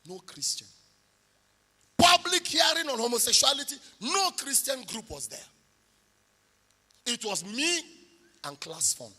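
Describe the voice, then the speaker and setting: Nigerian male preacher, very high and sharp voice, lively storytelling with shouts, booming church reverb. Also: unhurried, long pauses. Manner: animated storytelling, rising to shouts. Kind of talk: sermon testimony. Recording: long hall reverb.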